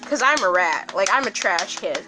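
A young woman hosting a casual podcast chat, swearing often and laughing loudly. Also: medium pitch, expressive, normal speed. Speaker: podcast host.

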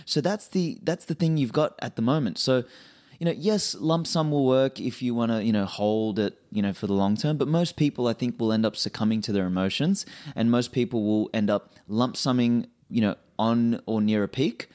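A man's voice: mid-range voice, moderate pace, darkish tone. A man, a podcast guest, talking bluntly and animatedly with frequent swearing. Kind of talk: casual interview.

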